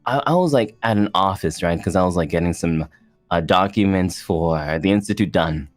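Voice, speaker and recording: A man chatting as a guest on a streamed talk show, rambling and halting, with many restarts. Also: low voice, soft background music. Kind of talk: casual chat.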